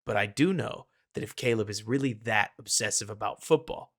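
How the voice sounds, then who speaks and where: A man's voice: on the low side, a little fast, a bit bright. A man co-hosting a casual sports podcast, analytical and hedging his opinions with self-aware asides. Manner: hedging, self-aware, addresses co-host by name. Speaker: podcast co-host.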